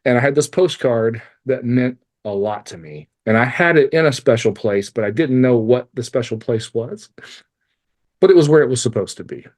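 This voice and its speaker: At a moderate pace and in a mid-range voice, a man in his forties opens up about his own story as a podcast guest. The life coach is lively and self-mocking, and he swears freely as he talks candidly.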